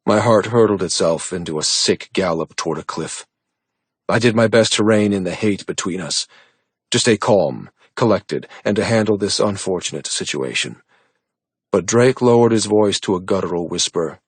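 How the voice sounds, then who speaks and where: Male audiobook narrator, brooding, measured, husky, dry close sound. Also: low voice, dry recording. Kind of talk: first-person audiobook narration.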